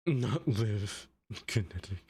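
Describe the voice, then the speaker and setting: Chatty man with a low voice. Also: expressive, measured pace, darkish tone, breathy edge. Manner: rambling, chatty, answers viewers by name, many "like" fillers. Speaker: streamer. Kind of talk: casual live-stream chat while playing a city-building game.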